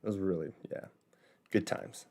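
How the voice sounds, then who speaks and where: A man's voice: sits low, steady tone, moderate pace, mellow. A man hosting a casual livestream from home, chatting in a rambling way with plenty of fillers. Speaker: host. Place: home, building bricks.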